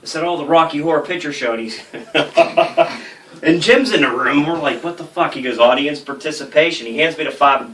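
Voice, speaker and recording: Brief: bright-voiced male host, animated and profane, roomy distant sound. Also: a little high, normal speed. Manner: profane, animated anecdote-telling with laughs. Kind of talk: casual storytelling chat. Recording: roomy, distant mic with faint noise.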